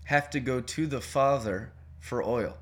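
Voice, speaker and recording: A man speaking slowly and earnestly, sharing a spiritual insight with a group. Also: medium pitch, a bit bright.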